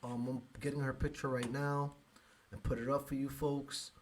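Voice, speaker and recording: American man, podcast host, emotional, halting, mid-pitched voice. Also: level tone, a little hiss or hum. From United States. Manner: emotional, halting, frequent restarts and sighs. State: emotional, close to tears. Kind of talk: live podcast commentary.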